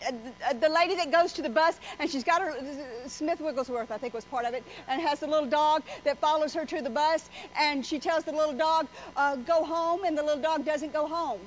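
A woman preacher delivering a folksy, joking sermon full of stories. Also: sits high. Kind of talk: sermon with storytelling. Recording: slightly muffled with faint noise.

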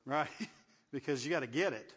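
A man's voice: medium pitch, moderate pace, a bit bright. Man, preacher, sermon, repeats words, asks "right?", long hall reverb, muffled. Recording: dull sound, long hall echo.

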